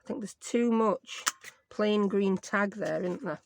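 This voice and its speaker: A woman's voice: mid-range voice, slow, vocal fry, slight background noise. A woman with a Yorkshire accent chatting casually through a craft tutorial at her desk, self-mocking and dropping in dialect words. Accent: Yorkshire English. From Yorkshire, England. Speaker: craft vlogger.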